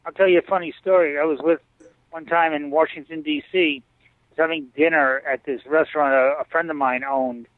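A man's voice: fairly high pitch, brisk, no echo. Storytelling man on a tinny call. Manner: animated storyteller, acts out others' lines. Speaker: interview guest. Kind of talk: storytelling in a casual interview. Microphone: video call. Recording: dry tinny call audio.

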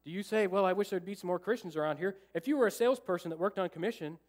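A man with a bright, high-pitched voice delivers a sermon as pastor. He tells a story with lively energy, acting out what went through his head and joking with the congregation. He is preaching in a church sanctuary. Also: very fast. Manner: animated, acts out his own thoughts and jokes with the congregation.

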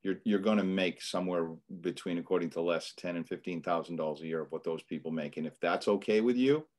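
A man's voice: low-pitched, fast, darkish tone. A middle-aged man with a Boston accent, a financial coach guest on a podcast, speaking in an earnest, motivational way with frequent restarts. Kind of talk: casual podcast interview.

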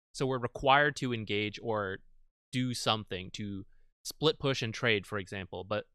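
Here a man analyzes gameplay casually as a guide creator, going over team fights in recorded matches with frequent filler words. The studio-quality recording has no room sound, and his mid-range voice comes across bright, forceful and smooth.

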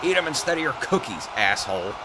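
Male gaming YouTuber, animated pitch, foul-mouthed trash talk, noisy background. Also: fast talker. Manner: profane trash-talking, excited outbursts. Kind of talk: comedic gameplay commentary.

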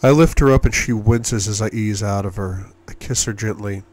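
A man narrating an audiobook in the first person, with an intimate and measured reading. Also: fairly low pitch, darkish tone. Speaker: audiobook reader.

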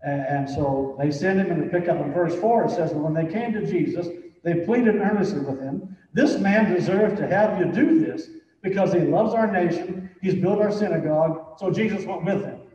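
Captured from far off in an echoey church hall with dull sound, a man preaches in the sanctuary. His high-pitched, mellow voice moves at a moderate pace, casual and full of "you know"s, rising toward emphatic points.

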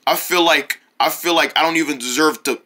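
Someone voicing a gloomy, mopey cartoon guy who talks in a flat, mumbling sulk. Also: medium pitch, fairly quick, pitched below the performer's own voice, natural voice.

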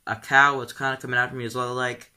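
A teenage boy chatting casually on his vlog, rambling along with lots of ums and likes. His voice sits at a middle pitch and sounds very bright. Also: level tone, fast talker, clear, resonant tone. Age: teens. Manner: rambling, full of "um" and "like". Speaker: vlogger.

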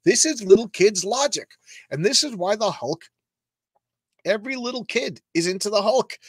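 A middle-aged man hosting a casual comics read-through, excitable and rambling with stammered repeats. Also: sits high, moderate pace, slightly rough, no room sound, studio quality. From Long Island, New York. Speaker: comics show host.

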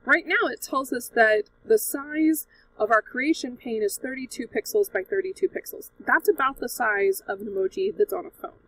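A woman's voice: high voice, expressive, moderate pace, fairly bright tone, husky, far from the mic, low-quality recording. A woman teacher walking young students through a drawing app step by step, in a patient and encouraging way. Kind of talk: screen-recorded tutorial for children.

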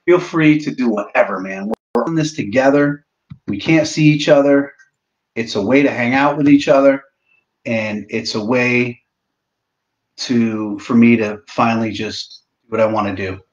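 A young man chats loosely on a live stream, cracking profane, self-mocking jokes while he eats. His voice sits at an ordinary middle pitch. The laptop audio sounds dull and lo-fi. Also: measured pace. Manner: talking while eating. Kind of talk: casual live-stream chat. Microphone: laptop mic.

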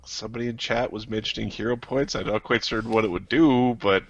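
A man playing a tabletop game, chatting in a laid-back, drawn-out way. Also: fairly low pitch, fairly even intonation, dry recording, dull audio. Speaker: player. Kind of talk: casual tabletop chat.

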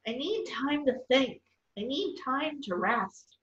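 A woman voicing a tired man who speaks quietly and slowly. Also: a little high, sing-song. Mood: weary. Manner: soft, weary, measured. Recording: distant, roomy, dull sound.

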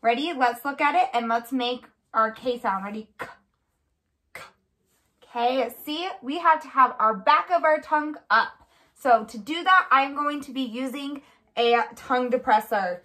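A woman giving a speech therapy demonstration, prompting step by step in a patient, clear way and praising often. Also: sits high, measured pace, sharp tone. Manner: encouraging with frequent praise. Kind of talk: instructional demonstration.

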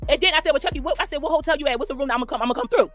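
Rapid-fire indignant woman, cursing. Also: high-pitched, a bit bright, no room sound, soft background music. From Philadelphia. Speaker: guest. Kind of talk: heated casual storytelling.

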